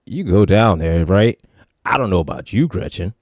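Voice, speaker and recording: Deep-voiced animated man chatting. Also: normal speed, dry recording, studio quality. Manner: animated, slangy, lots of fillers. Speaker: podcast co-host. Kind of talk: casual chat recapping an episode.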